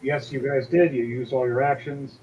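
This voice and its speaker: A man with a mid-range, darkish voice narrates as a game master at normal speed, his intonation fairly even. The table talk is casual and profane; he swears freely and briefly voices figures. The lo-fi audio sounds slightly dull, with faint hiss.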